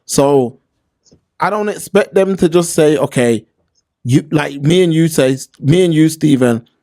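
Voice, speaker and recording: A man talks through a topic in a loose, conversational way, slipping into quoted voices as he goes. His voice sits a little high for a man. The sound is dry and close, no room echo. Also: measured pace. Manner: animated storytelling, acts out quoted voices. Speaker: podcast co-host. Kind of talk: casual discussion.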